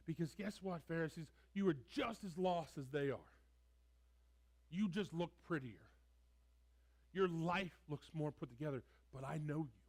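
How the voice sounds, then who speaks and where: A man's voice: sits high, darkish tone. A man voicing a compassionate Jesus in a sermon role-play, speaking earnestly and directly. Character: compassionate Jesus rebuking the Pharisees.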